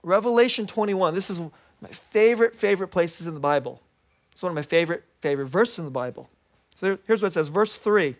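A middle-aged man preaching a sermon as a pastor, animated and laughing often as he acts out what people say. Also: high voice, moderate pace. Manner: animated, laughs often, quotes himself in little voices.

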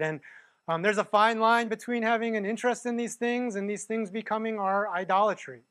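Male pastor, casual sermon delivery, higher pitch, constant "right?" tags. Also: a bit bright, clear, resonant tone, dry recording. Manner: conversational, keeps asking "right?".

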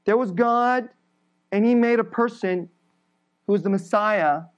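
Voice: mid-range voice, unhurried, muffled recording. A preacher giving an emphatic sermon, building through repeated phrases and laughing briefly between points.

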